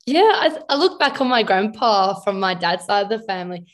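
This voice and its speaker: A woman's voice: mid-range voice, lively intonation, a little fast. A young woman from Australia, a guest on a podcast, talking casually and hesitantly with frequent laughs. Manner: hesitant, laughs often, uses fillers like "like". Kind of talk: casual conversation.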